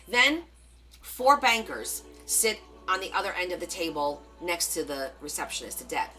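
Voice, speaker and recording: A woman's voice: fairly low pitch, moderate pace, soft background music. A middle-aged woman with a New Jersey accent, chatting casually on a live stream and acting out the voices in her stories, with many fillers. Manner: animated, acts out quoted voices, many fillers. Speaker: live stream crafting host. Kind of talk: casual storytelling chat.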